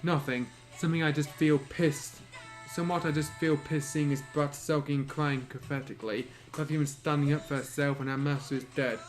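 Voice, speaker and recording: Male reader as harsh scornful female fighter, fan audiobook, slightly high voice. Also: fairly even intonation, a little fast, faint music behind, close to an everyday voice. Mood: irritated. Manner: harsh, scolding. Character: cold, scornful female warrior.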